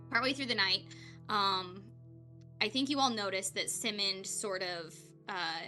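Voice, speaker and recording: A woman running a tabletop game as game master, narrating in a chatty, relaxed way with many fillers. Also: mid-range voice.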